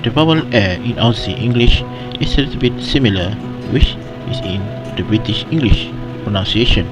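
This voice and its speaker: A man's voice: fairly low pitch, expressive, normal speed, over loud music. A man student presenting class material hesitantly, correcting himself as he goes.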